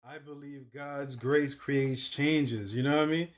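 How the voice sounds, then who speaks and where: A man reacting on camera in a loose, slangy way, with a mid-range voice that is neither high nor low. He swears freely and circles back over his words as he thinks aloud. Now and then his voice jumps into loud, high exclamations. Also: steady tone, a little slow, loud music behind the voice. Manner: loose slangy talk with frequent swearing and "you know what I mean"; restarts and repeats words while thinking aloud. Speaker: reaction video host. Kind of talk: casual reaction commentary.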